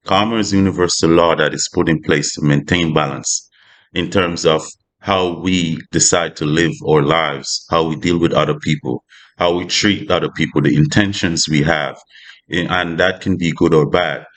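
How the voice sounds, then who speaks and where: Low-voiced guy rambling casually about spiritual stuff, lots of you-knows. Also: a bit bright. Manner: loose and conversational, full of "you know" asides. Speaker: spiritual vlogger.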